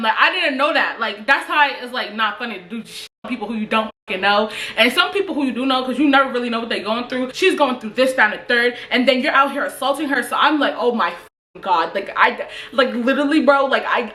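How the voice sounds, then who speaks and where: A woman telling a storytime vlog story in an animated, profane way, laughing often. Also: fairly high pitch. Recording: echoey room.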